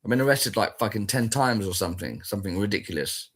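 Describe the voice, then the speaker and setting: Brief: man, husky voice, blunt and foul-mouthed, rambling and repetitive. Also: fairly low pitch, lively intonation, quick pace. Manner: sweary, blunt and rambling, repeats himself. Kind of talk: casual spoken rant.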